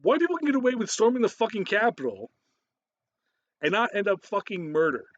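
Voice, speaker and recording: A man's voice: high voice, sing-song, brisk, lo-fi sound. A man giving a profane, ranting reaction commentary, swearing heavily and cutting in with laughs.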